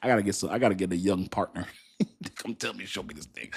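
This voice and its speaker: A man's voice: sits low, fast talker, gravelly, husky. A middle-aged man hosts a casual crypto livestream, reading viewer names, laughing often and talking loosely to his audience.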